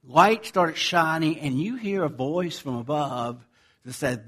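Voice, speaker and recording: A man preaching a sermon as pastor, swinging from loud emphasis to hushed asides. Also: a little high, moderate pace, breathy edge. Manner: animated preaching, swinging from loud to near-whisper.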